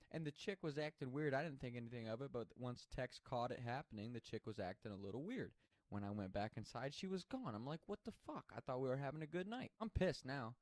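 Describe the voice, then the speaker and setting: A man's voice: mid-range voice, dry recording. A man telling a personal story in a casual, chatty way, swearing freely and laughing as he goes.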